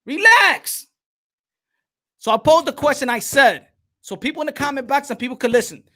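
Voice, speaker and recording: A man hosting a live online boxing show, pressing his point in a heated panel debate and repeating himself to calm the others down. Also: very high voice, fast talker.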